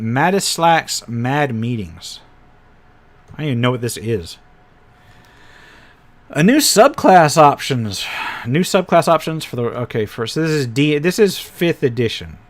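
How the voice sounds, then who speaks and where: Guy on a stream flipping through rpg pdfs, thinking out loud, dry little asides, normal mid pitch voice. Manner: thinking aloud while paging through files, with frequent wry asides. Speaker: host reviewing tabletop game PDFs. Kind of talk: casual live-stream commentary.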